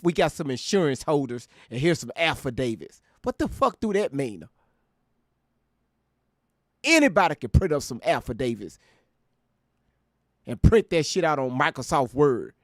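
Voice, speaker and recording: A male commentary host gives casual reaction commentary in a profane, mocking style, laughing often. His voice is a little high, and the recording is dry with clean studio sound.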